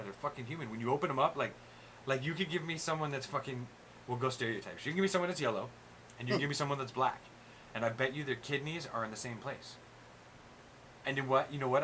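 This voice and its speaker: A man in casual chat, hosting, ranting loudly and swearing constantly. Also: medium pitch, a little hiss or hum. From USA. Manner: profane, ranting, animated. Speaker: host.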